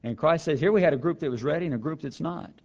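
A man teaching a Bible lesson in a sermon style, earnest and emphatic, repeating key phrases and slowing down for quoted verses. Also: on the high side, darkish tone. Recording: slightly dull lo-fi recording.

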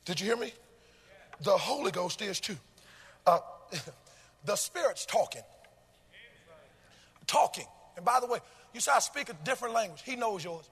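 A man a sermon in a rhythmic, sung cadence that swells into shouted chanting. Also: extremely high pitch, expressive, normal speed, long pauses, breathy edge, in a large hall. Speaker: preacher.

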